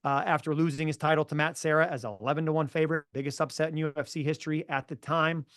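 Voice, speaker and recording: Energetic, emphatic male coach. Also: on the high side, fast, no echo, clean studio sound. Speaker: mental performance coach, podcast guest. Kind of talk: casual interview storytelling.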